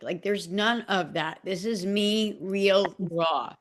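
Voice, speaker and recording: A woman's voice: mid-range voice, fairly even intonation, slow, hardly any pauses. Emotional woman sharing personally. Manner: emotional, self-deprecating, many restarts. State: emotional, near tears. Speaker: group participant. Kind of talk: casual heartfelt sharing.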